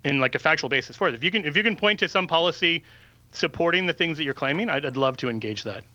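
A man answering callers as a guest on a radio show, measured and a little hesitant. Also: fairly high pitch, lively intonation, pushed and bright, no echo, dull audio. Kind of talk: call-in radio discussion.

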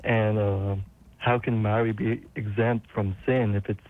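A man's voice: fairly low pitch, flat delivery, unhurried. A man from Carlisle in Northern England, with a Northern English accent, calling in and asking a thoughtful, hesitant question. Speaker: caller. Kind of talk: phone-in question. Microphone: phone. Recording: tinny phone line.

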